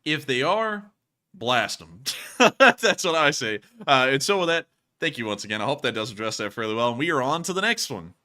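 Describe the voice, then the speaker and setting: A man hosting a casual livestream news commentary, emphatic and animated, laughing often. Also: medium pitch, moderate pace. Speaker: host.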